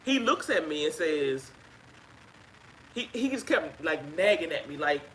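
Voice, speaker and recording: A woman sharing her own experience as a guest on a live chat, telling it in an emphatic, animated way. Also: low voice, a little slow, slight background noise, poor audio. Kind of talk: casual live-stream chat.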